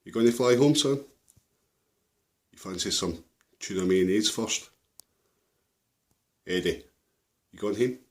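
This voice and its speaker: A man's voice: lowish voice, slow pace, pauses often. A man casually talking to a rescued seagull in a home video, affectionately calling it mate and buddy. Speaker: vlogger caring for a rescued seagull.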